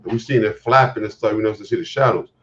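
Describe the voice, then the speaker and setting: A middle-aged man hosting a live morning show, telling a story with animated exclaims and laughs. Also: lowish voice, quick pace. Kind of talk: casual live-stream chat. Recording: muffled online call audio.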